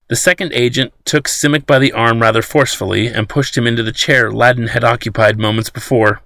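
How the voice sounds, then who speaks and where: A man narrating an audiobook in a steady storytelling manner. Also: medium pitch, a little fast, gravelly, hardly any pauses, no echo.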